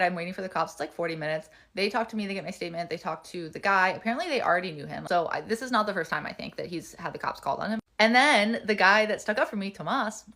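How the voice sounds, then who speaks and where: A woman's voice: lowish voice, gravelly, fairly bright tone. A woman telling a story casually to the camera, heated and emphatic, with swearing.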